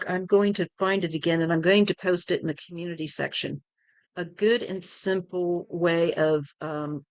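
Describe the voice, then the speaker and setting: A middle-aged woman hosting a live tarot stream, chatting gently and rambling with many fillers. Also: lowish voice, no echo. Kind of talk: casual live-stream chat.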